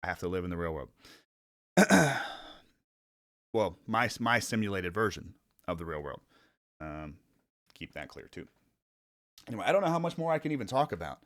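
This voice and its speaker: A man's voice: low voice, very animated, normal speed, long pauses, a bit bright, dry recording, clean studio sound. A young man from the Cleveland area rambling casually in a vlog, self-conscious, laughing often and swearing casually. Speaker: vlogger.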